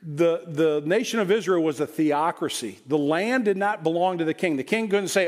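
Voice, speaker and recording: Man, pastor, sermon, fairly high voice, conversational, joking. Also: lively intonation, moderate pace, few pauses.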